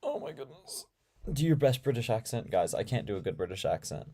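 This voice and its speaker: A man's voice: on the low side, expressive, fast talker, mellow. A young man with an American accent, hosting a casual live stream and answering viewer comments with dry sarcasm. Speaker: live-stream debate host.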